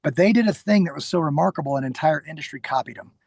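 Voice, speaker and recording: A middle-aged man, a guest on a podcast and a security trainer, telling stories in a casual, animated way, acting out quoted lines and often restarting his sentences. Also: on the high side, fast, vocal fry, no room sound. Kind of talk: casual interview storytelling.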